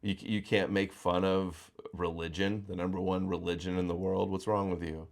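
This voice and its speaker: Low-voiced man hosting a live stream. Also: level tone, normal speed, gravelly. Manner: blunt, mocking, provocative. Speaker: host. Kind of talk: live-stream talk show.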